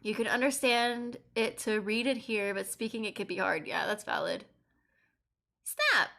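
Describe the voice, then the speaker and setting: A woman's voice: fairly high pitch, unhurried, gravelly, pushed and bright. A woman streamer chatting casually through a game, swearing freely, laughing and teasing her chat. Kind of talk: casual let's-play chat.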